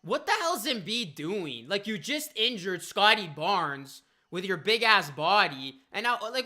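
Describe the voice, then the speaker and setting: A man's voice: high-pitched, sing-song, unhurried, few pauses, sharp tone. A young man hosting a live sports reaction stream, upset and rattled, exclaiming in disbelief.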